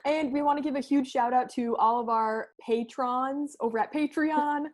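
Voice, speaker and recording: A woman co-hosting a casual eating show, upbeat and quick to react. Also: high-pitched, fairly even intonation, a little mellow. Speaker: co-host. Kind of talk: casual chat while eating.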